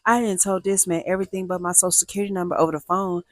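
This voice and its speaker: Casting: chatty young woman storyteller, low voice, dry close-mic sound. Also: racing, no room sound. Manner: animated, chatty, slangy asides to listeners. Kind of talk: casual storytime.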